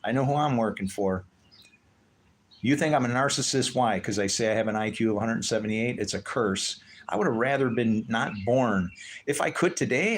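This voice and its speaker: A man's voice: lowish voice, a little hiss or hum. A man livestreaming, ranting in a heated, preachy way with lots of profanity. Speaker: livestream host. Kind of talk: livestream rant.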